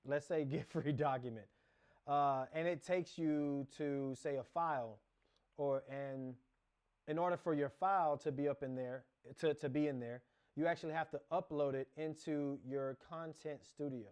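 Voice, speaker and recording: A man's voice: a little high, steady tone, normal speed, a little mellow, clear, resonant tone. Rambling man talking through a screen tutorial. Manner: rambling, self-correcting, talks through clicks. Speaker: course instructor. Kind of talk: casual screen-share tutorial.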